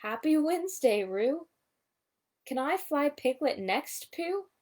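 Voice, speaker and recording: A woman's voice: high-pitched, big pitch swings, measured pace, creaky, a little mellow, a little hiss or hum, voice pushed up, full character voice. A woman voicing a good-natured, simple male teddy bear with easygoing, cheerful greetings, in a storybook read-aloud.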